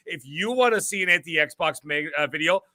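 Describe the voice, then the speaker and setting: A man's voice: fairly high pitch, expressive, a little fast, sharp tone, no echo. A man hosting a gaming podcast, ranting in a profane, mock-boastful way. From Canada. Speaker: podcast host. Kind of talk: casual gaming podcast chat.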